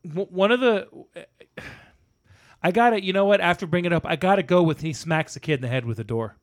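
A man co-hosting a casual film chat, eager and loose-tongued, cursing freely. His voice sits a little higher than most men's. He talks with real enthusiasm. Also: fairly quick. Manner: enthusiastic, swears casually, laughs while telling. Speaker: podcast co-host. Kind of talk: casual movie review chat.

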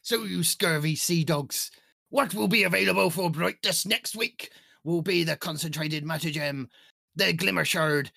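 A man doing a gravelly hammy pirate captain. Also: fairly high pitch, normal speed, sharp tone, dry recording, studio quality, exaggerated voice. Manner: growls "arr" constantly, hammy and bossy. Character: gruff male pirate captain reading a store list. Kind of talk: goofy pirate voice bit.

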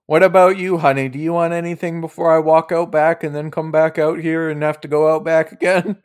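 A man doing a high-voiced old lady innkeeper. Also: little pitch movement, fairly quick, clean tone, natural voice. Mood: flirty.

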